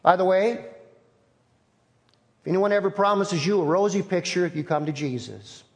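A man preaching a sermon as pastor, telling a story in an earnest, measured way. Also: high-pitched. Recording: long reverb of a large hall.

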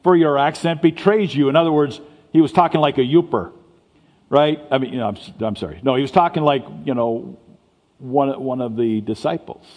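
A pastor preaches a sermon in a church sanctuary, speaking conversationally and stumbling into stammered restarts. His medium-pitched voice is expressive, brisk, and darkish, with the long reverb of a church hall around it.

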